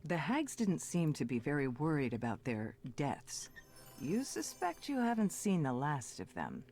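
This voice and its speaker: Woman, game narrator, scripted, low voice, expressive. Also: measured pace, slight background noise.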